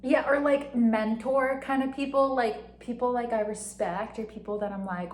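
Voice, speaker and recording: Young woman vlogger, rambling confessional chat, slightly high voice, echoey room. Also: steady tone, normal speed, hardly any pauses, darkish tone. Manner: rambling, heavy use of "like", frequent giggles. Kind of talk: casual confessional monologue. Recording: echoey room with faint ambient noise.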